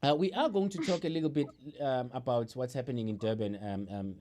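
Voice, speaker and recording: A man hosting an online talk show in casual chat, laughing often, repeating words and filling pauses with ums. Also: medium pitch, mellow. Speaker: show host.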